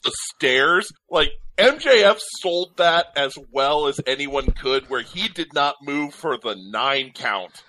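A man chatting excitedly about wrestling on a podcast, giving exasperated opinions. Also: on the high side, slow, hardly any pauses, a little hiss or hum, poor audio. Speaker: podcast co-host. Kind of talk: casual wrestling chat.

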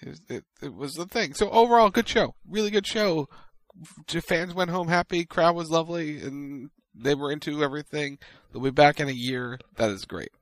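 A man casually recapping a wrestling show on a podcast, retelling it in an animated way and acting out quotes. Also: a little high, moderate pace, dry recording. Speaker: podcast co-host.

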